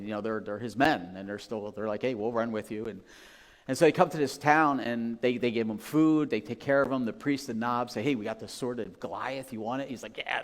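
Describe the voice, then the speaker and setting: Male pastor, mid-pitched, relaxed and conversational sermon, recorded with long church-hall reverb. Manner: conversational, checks in with "okay?" and "right?". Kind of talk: casual storytelling sermon. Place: church sanctuary.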